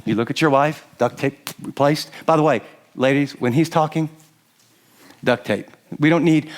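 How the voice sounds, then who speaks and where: Lively and conversational, an older pastor with a fairly high voice delivers sermon teaching to a live crowd. Along the way he does little impressions of spouses in conversation, tripping over his words and starting phrases again.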